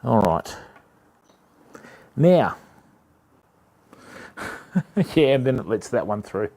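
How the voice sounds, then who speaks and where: A man's voice: fairly low pitch, big pitch swings, extremely slow, creaky, warm tone. A young Australian man streaming live, chatting casually to viewers while demonstrating.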